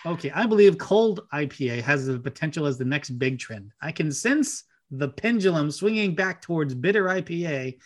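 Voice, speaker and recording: Swearing, ranting podcast host. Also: male voice, on the high side, lively intonation, normal speed, few pauses. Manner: ranting, sarcastic, swears a lot. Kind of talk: casual podcast banter.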